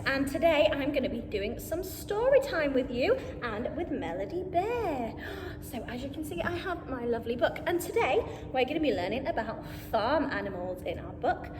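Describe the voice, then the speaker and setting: High-voiced, sing-song storytime woman. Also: in a large hall, background noise. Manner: gasping, sing-song, exaggerated. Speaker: children's storytime host. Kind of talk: reading a picture book to children.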